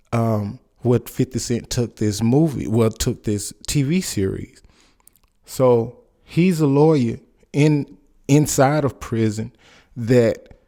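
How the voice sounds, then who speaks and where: A podcast host in his forties speaks into his mic in a loose, rambling way, offering commentary and stories from his own life. His warm voice sits mid-range for a man, and he often restarts sentences.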